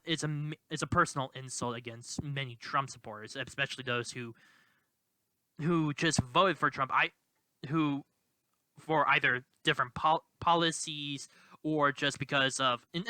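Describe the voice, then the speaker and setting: Male commentator, halting delivery, full of false starts, indignant, very bright sharp tone, dry close sound. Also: medium pitch, dry recording. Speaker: political commentator. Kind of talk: commentary vlog, reading quotes aloud.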